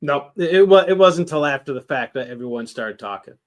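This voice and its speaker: Measured male sports co-host. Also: on the high side, expressive. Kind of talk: casual sports talk.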